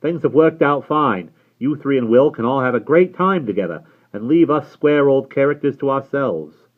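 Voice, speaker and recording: Storybook figure: hearty middle-aged uncle, breezy and jovial, voiced by a male reader, pitched up, phone-quality audio. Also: animated, moderate pace, close to an everyday voice. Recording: tinny phone-like sound.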